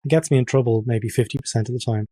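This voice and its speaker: A man hosting a podcast, chatty and quick to laugh. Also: medium pitch, steady tone, mellow, dry recording. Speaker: podcast host. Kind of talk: podcast conversation.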